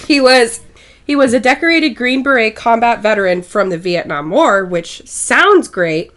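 A woman co-hosting a podcast, reading prepared narration in a steady way. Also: a little high, normal speed. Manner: steady, reads from notes. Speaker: podcast co-host.

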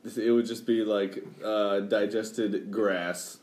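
A man's voice: fairly low pitch, little pitch movement, slow, darkish tone, roomy sound. A young adult man with a Minnesotan accent hosting a casual podcast chat, laughing often and restarting his sentences. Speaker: podcast host.

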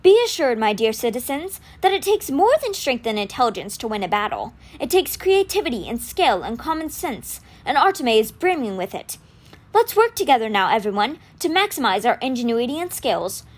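A measured, earnest leader speaks to his citizens in a storybook reading, voiced by a woman. His speech rises and falls with lively pitch, set a touch high. It sounds like a reader lending her voice to a dignified man. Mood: rousing. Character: calm wise male leader addressing citizens. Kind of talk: storybook read-aloud.

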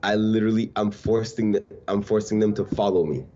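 A man's voice: fairly low pitch, fairly even intonation, fairly quick, warm tone. A young man talking as a podcast guest, laid-back and casual, calling the host bro. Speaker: guest, social media creator. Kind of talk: casual interview chat. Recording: dull lo-fi sound.

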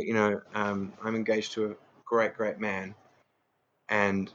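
A man in his thirties with a lowish voice, talking as an interview guest. He tells his story earnestly and rambles, leaning on "you know" and "like" and often laughing. The recording sounds dull and lo-fi. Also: a bit bright, slight background noise. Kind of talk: candid personal storytelling.

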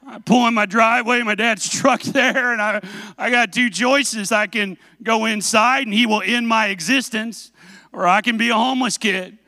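A man preaching a sermon, telling a self-mocking story with animated delivery and asking the congregation questions. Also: high-pitched, normal speed, dry recording.

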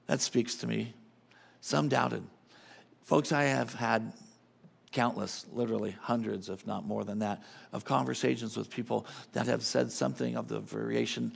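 A man's voice: mid-range voice, steady tone, moderate pace, gravelly, breathy edge. A middle-aged man preaching a sermon as a guest speaker, emphatic and casual, often repeating his phrases.

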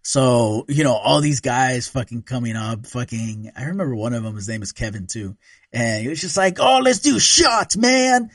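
Relaxed, profane man telling a story. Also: medium pitch, normal speed, dry recording, clean studio sound. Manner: relaxed, profane, laughs often. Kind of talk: casual storytelling chat.

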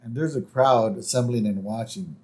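Podcast co-host, male, middle pitch, easygoing plot recap. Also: normal speed, darkish tone. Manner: narrates plot with laughs and quoted lines. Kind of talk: casual chat retelling an episode.

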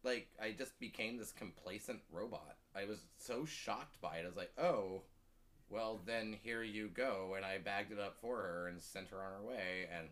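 A man's voice: deep voice, moderate pace, hardly any pauses, fairly bright tone. A man who is a guest on a podcast, chatting casually in a rambling way full of "like" and restarts. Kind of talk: casual chat.

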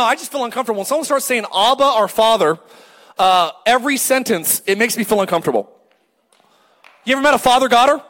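A middle-aged male pastor preaching a lively, joking sermon and calling out to the congregation. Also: high-pitched, long reverb tail. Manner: animated, joking, calls for crowd response.

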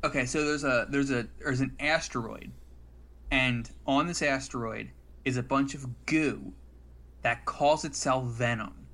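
A man chatting casually about films on a podcast. His delivery is rambling and dry, and he trips over his words and restarts a lot. He sits at a middling pitch. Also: unhurried, fairly bright tone. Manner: rambling, restarts sentences, sardonic. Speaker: podcast co-host. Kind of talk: casual movie chat.

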